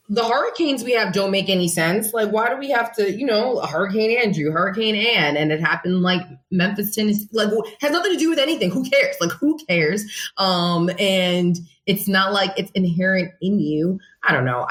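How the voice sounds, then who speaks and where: A woman co-hosting a podcast in casual news chat, animated and asking exasperated rhetorical questions. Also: lowish voice. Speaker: podcast co-host.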